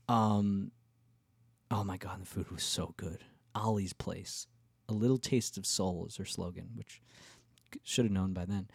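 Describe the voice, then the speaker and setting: Low-voiced rambling podcast guy. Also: steady tone, normal speed, a little mellow, no echo, clean studio sound. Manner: rambling, candid, self-deprecating, full of fillers. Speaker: podcast host. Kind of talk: casual solo storytelling.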